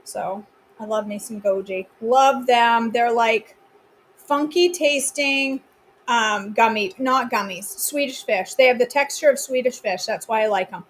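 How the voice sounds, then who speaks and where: A woman's voice: fairly high pitch, measured pace, slight background noise. A woman with a Maine accent hosts a live cooking stream from her home kitchen. She chats casually and teasingly, answering viewers by name as she cooks.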